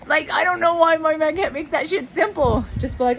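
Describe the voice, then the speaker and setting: A woman's voice: sits high, normal speed, slight background noise, rough recording. A woman venting to her camera in a blunt, rambling monologue, swearing freely and repeating herself. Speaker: vlogger.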